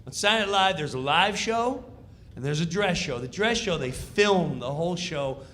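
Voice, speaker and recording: A man spins a comic backstage tale with excited, theatrical energy. His voice sits fairly high and bright, swinging lively up and down as he acts scenes out. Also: normal speed. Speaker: comedian telling a backstage story. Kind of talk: animated comedic storytelling.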